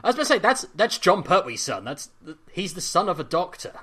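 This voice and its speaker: A man co-hosting a casual pop culture chat, animated and excitable, swearing freely. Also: high-pitched, brisk, husky. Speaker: podcast co-host.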